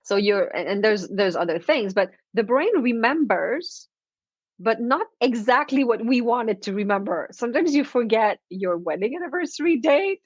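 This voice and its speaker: A woman guest on a podcast interview, explaining with animated everyday scenes and frequent laughter. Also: on the high side, normal speed, slightly rough, dry recording, dull audio. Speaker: confidence expert guest.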